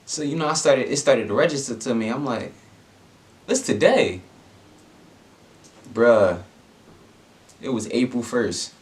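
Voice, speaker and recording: A young adult man telling a personal story in a casual vlog, laid-back and slangy, with lots of fillers. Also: medium pitch. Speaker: vlogger.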